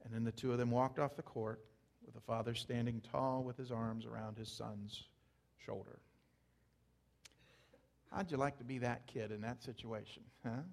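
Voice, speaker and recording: A man's voice: mid-range voice, fairly even intonation, normal speed, vocal fry, pauses often. A man preaching a sermon, telling stories conversationally and building emphasis as he goes. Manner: conversational storytelling, rising emphasis. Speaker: pastor.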